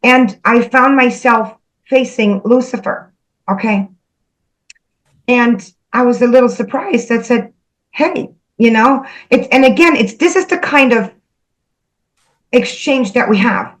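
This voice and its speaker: A woman earnestly recounting a spiritual experience, halting and repeating herself, emotional as she goes. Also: fairly high pitch, poor audio. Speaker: spiritual channel host. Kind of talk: personal spiritual storytelling.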